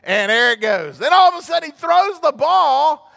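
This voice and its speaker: A man's voice: very high voice, big pitch swings, normal speed, gravelly, pushed and bright. A man preaching a sermon as a pastor, telling stories conversationally and building to emphatic outbursts. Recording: long hall reverb.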